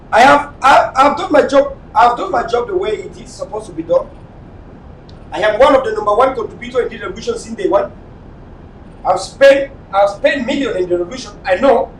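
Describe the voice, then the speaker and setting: A man with a Cameroonian accent hosting a late-night live online talk show, speaking in an impassioned, repetitive way and sometimes shouting. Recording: echoey room, mic at a distance, faint rumble.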